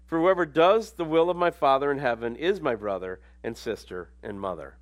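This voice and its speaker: A man preaching a sermon in a conversational way, dropping to quiet asides and then rising into emphatic lines. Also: medium pitch, moderate pace.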